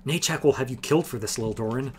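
A man's voice: mid-range voice, fast talker, husky, close to an everyday voice. A man voicing a scornful, hot-tempered young male noble in a fantasy audiobook reading. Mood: agitated. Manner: scornful, raging.

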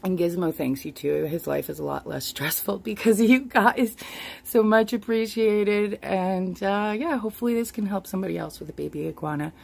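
Husky, gravelly woman vlogging with her pet. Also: mid-range voice, moderate pace. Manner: chatty, coos softly to her pet, swears casually. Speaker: reptile keeper vlogger. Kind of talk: casual handheld vlog. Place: home bedroom. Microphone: handheld camera.

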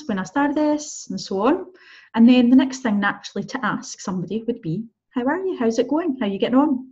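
A woman leads a recorded beginner lesson in a friendly, chatty tone, often checking in with her learners. Her voice sits at a middle pitch with a husky edge. The recording sounds slightly dull and lo-fi. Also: darkish tone. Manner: encouraging, chatty, slow model pronunciations with checks like "okay?". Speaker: Spanish teacher. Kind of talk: recorded online language lesson.

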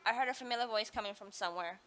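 A woman reading a story game aloud, acting out the heroine's lines with expressive delivery. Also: medium pitch, racing, a little hiss or hum. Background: game music.

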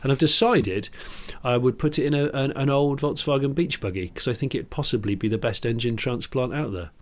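A man's voice: mid-range voice, a little fast. A middle-aged man co-hosting a podcast, chatting casually and gushing about engines. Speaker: podcast co-host. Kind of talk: casual chat.

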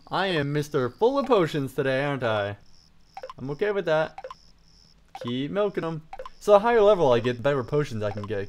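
A man giving lively let's-play commentary, taunting game enemies and joking as he fights. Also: mid-range voice, a little hiss or hum. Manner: excitable, taunting enemies aloud. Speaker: gaming channel host.

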